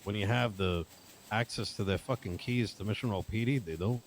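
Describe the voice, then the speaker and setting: Low-pitched man, roleplay character, confrontational and swearing, faint hiss behind. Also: moderate pace. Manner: blunt, profane, confrontational. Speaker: roleplay character in a city life game. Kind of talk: heated in-character argument.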